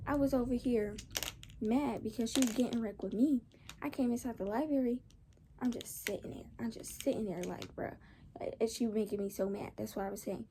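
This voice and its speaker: A woman's voice: a little high, slight background noise. A young woman casually telling a storytime, rambling along with slang and lots of restarts. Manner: rambling, animated retelling with slang.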